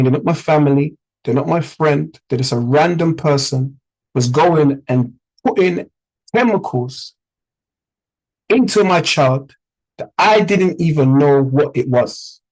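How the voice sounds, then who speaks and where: Emphatic British man, slightly high voice. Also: a little mellow, low-quality recording. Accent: British English. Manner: emphatic, conversational, keeps asking "yeah?". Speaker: trading mentor. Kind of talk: motivational talk to a group.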